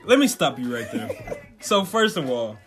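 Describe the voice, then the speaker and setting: A man's voice: high-pitched, huge pitch swings, normal speed, a bit bright, faint music behind. A young man co-hosting a podcast, telling his side of a story in a laid-back, profane way with laughing retorts. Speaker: podcast co-host. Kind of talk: casual storytelling chat.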